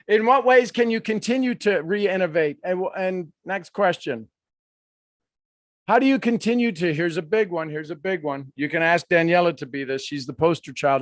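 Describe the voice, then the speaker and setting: A man with a fairly high voice leads a live workshop session. He teaches in an animated way, slipping into quoted voices and laughing as he goes. The sound is close and dry. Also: dry recording. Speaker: coach.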